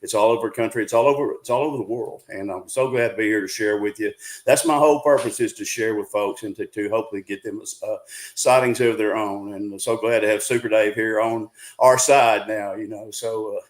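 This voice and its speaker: A man's voice: on the low side, fairly even intonation, a little fast, poor audio. Folksy Arkansas man in his sixties. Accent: Southern US, Arkansas. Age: 60s. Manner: folksy, rambling, friendly. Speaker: guest, Bigfoot researcher. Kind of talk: casual interview talk.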